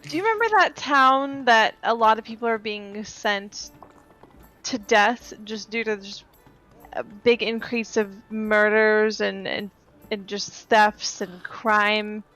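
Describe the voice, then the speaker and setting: Bright, eager woman player. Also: mid-range voice, slow pace, soft background music. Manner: eager and rambling. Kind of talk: casual tabletop game chat.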